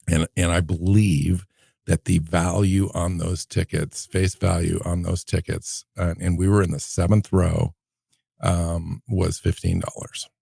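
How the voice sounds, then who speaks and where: A man in his fifties with a very deep, heavily gravelly voice, telling stories in a relaxed way. The tone is dark and a little husky, and the dry recording has almost no room echo. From Seattle area, USA. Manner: unhurried, reminiscing storyteller. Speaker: podcast co-host. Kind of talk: casual podcast chat.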